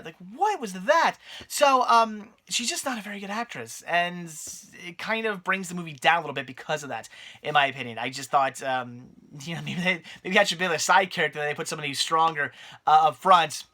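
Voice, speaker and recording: A man with a fairly high, bright voice talks through a movie review in a loose, rambling way. He keeps stopping, restarting and filling gaps as he gives his opinions. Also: fairly quick. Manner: rambling, many fillers and restarts. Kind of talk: casual spoken movie review.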